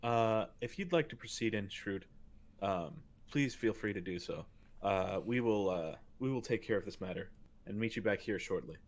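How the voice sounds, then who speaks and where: A formal, courteous adventurer, as a man plays him, polite and slightly hesitant. His voice is fairly low. He sounds like a careful diplomat in a tabletop game. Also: animated, moderate pace.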